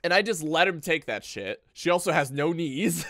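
A man giving loose, profane gameplay commentary as he streams. His slightly high voice leaps around constantly, jumping from mutters up to excited yelps. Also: moderate pace, no room sound, studio quality.

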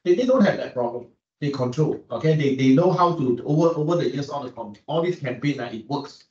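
A man's voice: mid-range voice, expressive, brisk, a little mellow. A man with a Malaysian English accent, lecturing an economics class and peppering it with rhetorical questions and repeated words. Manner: asks students frequent rhetorical questions; repeats words while searching for them. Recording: echoey room, distant mic, dull sound.

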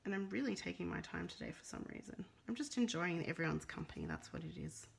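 Australian woman, middle-aged, chatty craft demonstrator, bit of fry, phone mic. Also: on the low side, wildly swooping pitch, fast. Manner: chatty, reads out viewer comments. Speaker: papercraft demonstrator. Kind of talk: casual live crafting demo.

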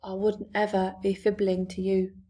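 Lady reading as a big gentle giant, earnest, mixes up his words, storybook voice. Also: medium pitch, completely flat delivery, normal speed, natural voice. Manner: odd broken grammar, earnest. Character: big friendly male giant, gentle, muddled grammar.

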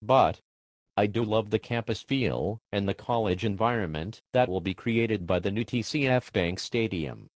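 A man's voice: on the low side, moderate pace, dry recording. A man from Minnesota co-hosting a comedic sports show, with hammy, theatrical announcer banter. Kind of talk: jokey scripted banter.

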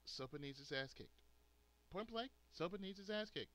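A man's voice: sits high, animated, normal speed, fairly bright tone. A man hosting a gaming channel, ranting angrily and profanely to his subscribers, stressing words hard. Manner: angry, profane, emphatic ranting. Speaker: gaming video host. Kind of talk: angry rant to subscribers.

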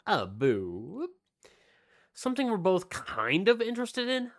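A man's voice: high-pitched, huge pitch swings, measured pace. A man co-hosting a casual podcast, rambling through release dates and snack news with lots of fillers. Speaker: podcast co-host. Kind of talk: casual chat.

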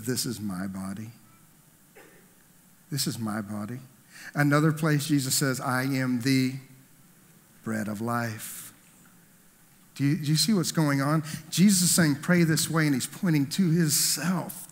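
A man, the pastor, preaching a conversational sermon, telling a story and asking the congregation questions. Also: mid-range voice. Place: church hall. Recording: long hall reverb.

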